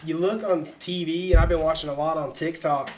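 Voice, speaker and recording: A man with a fairly high voice co-hosts a casual podcast. He talks in a reflective, open way and laughs often. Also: steady tone, a little fast, a little hiss or hum. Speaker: podcast co-host. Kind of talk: casual chat.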